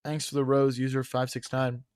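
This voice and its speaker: A man's voice: medium pitch, level tone, moderate pace, darkish tone, clear, resonant tone, no echo, clean studio sound. A young man streaming chess, thinking aloud in a chatty way and talking to his viewers, his voice strained from long hours of streaming. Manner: thinks aloud, chatty, addresses chat as guys. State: losing his voice. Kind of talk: casual live-stream commentary.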